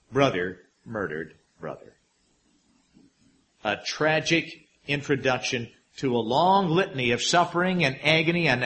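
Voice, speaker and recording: A middle-aged male pastor preaching a sermon, slowing down to stress lists and dropping his voice low for asides. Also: a bit bright, slight background noise.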